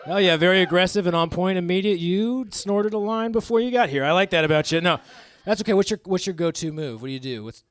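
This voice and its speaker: A man in his thirties doing live stand-up comedy on a club stage, crude and self-mocking, with quick asides to the crowd. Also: high-pitched, clear, resonant tone, dry recording. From American Midwest.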